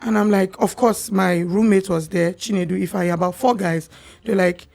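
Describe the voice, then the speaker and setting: Nigerian girl, young, talks kinda gravelly, animated storytelling, faint music behind. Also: mid-range voice, normal speed. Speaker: podcast guest. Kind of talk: personal storytelling in conversation.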